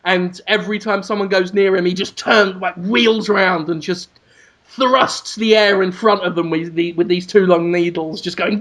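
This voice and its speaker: A man hosting a podcast, rambling through an absurd comic pitch with amused energy. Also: fairly even intonation, moderate pace, a bit bright. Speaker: podcast host. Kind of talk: comedic storytelling.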